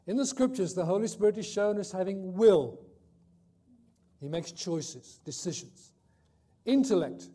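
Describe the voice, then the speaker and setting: A man preaching a sermon, reading scripture and explaining it, pressing his points hard and then dropping to a quiet close. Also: sits high, lively intonation, a little slow, long pauses. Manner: emphatic, swings between loud and soft; reads scripture aloud, corrects himself.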